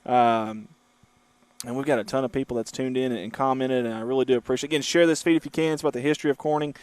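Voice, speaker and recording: A man's voice: mid-range voice, steady tone, fast talker, a little mellow, clean tone, dry recording. A man hosting a casual livestream from a moving car, chatting and reading viewer comments aloud. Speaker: livestream host. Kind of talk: casual driving livestream chat.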